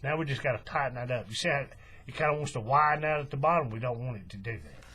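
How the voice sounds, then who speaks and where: A man's voice: medium pitch, quick pace, husky. A man hosting a hands-on craft tutorial, talking casually step by step while he works with his hands. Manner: relaxed, folksy, talks while working with his hands.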